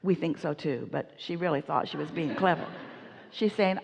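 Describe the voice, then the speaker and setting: A woman giving an inspirational seminar talk, speaking as "we" in an emphatic, animated way while answering audience questions. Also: deep voice, normal speed, creaky, big-room sound, muffled recording.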